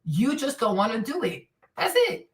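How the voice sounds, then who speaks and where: A woman's voice: fairly high pitch, very animated, moderate pace. Blunt, scolding woman, echoey and distant. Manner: blunt, scolding, sarcastic, swears freely. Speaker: online commentator. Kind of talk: blunt commentary stream. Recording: roomy echo, voice from far off.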